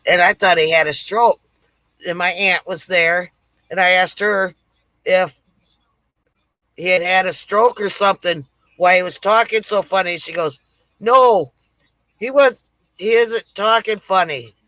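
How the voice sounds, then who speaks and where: A woman's voice: on the low side, fairly even intonation, a little slow, long pauses, sharp tone, no echo, low-quality recording. A woman hosting a casual live stream, chatting with viewers, reading their comments aloud and laughing at her own jokes. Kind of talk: casual live stream chat and joke telling. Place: home setup near a lake.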